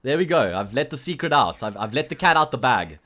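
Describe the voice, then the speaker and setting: With a medium-pitched voice that swings widely, sounding pushed and bright at a fairly quick pace, a South African esports caster commentates alone on a livestream. He fills time between matches with jokey, rambling viewer chat, often restarting.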